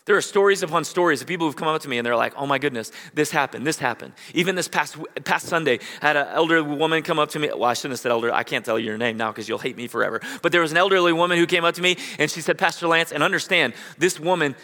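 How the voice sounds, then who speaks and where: A man's voice: on the high side, racing, few pauses, pushed and bright. A man preaching a sermon as pastor, reading scripture and building to emphatic bursts. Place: church sanctuary. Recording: long hall reverb.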